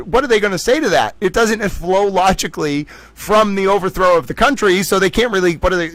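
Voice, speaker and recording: A man chats with his livestream viewers, spinning playful, rambling jokes between their comments. His voice sits a little higher than most men's. The sound is close and dry, with no room around it. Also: a little fast, hardly any pauses, fairly bright tone, no echo, poor audio. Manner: playful, rambling, jokey asides to chat. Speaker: livestream host. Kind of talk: casual chat reading viewer comments.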